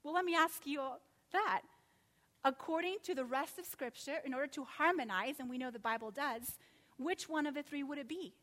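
A woman preaching a sermon, animated and full of rhetorical questions, acting out quotes as she goes. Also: high voice, moderate pace, big-room sound.

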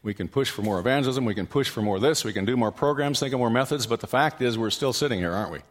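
A male pastor preaching a sermon, telling stories and asking the congregation questions, with loud animated peaks. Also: mid-range voice, fast talker. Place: church hall. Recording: long hall reverb.

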